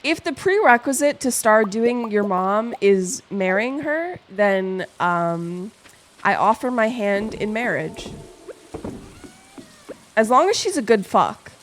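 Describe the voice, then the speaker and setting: A woman's voice: mid-range voice, big pitch swings, slow pace, slight background noise. A young woman streamer chatting casually with her chat, playful and rambling, swearing freely and reading messages aloud.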